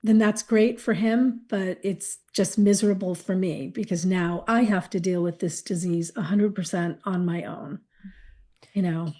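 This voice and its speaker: A woman's voice: fairly low pitch, steady tone, unhurried, warm tone. A woman being interviewed, telling a candid personal story and quoting others with animation. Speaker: guest, caregiver wife.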